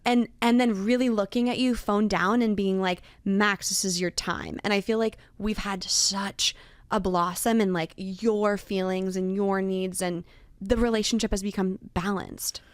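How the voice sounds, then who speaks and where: Young woman, podcast co-host, earnest and affectionate, mid-pitched, dry studio sound. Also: steady tone, moderate pace, no echo. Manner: earnest, affectionate, laughs often. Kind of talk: casual couple chat.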